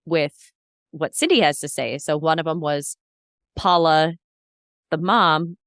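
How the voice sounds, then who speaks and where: A woman co-hosting a casual podcast, recapping a TV episode in a relaxed, blunt way. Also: sits low, slow pace, no room sound, clean studio sound. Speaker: podcast co-host.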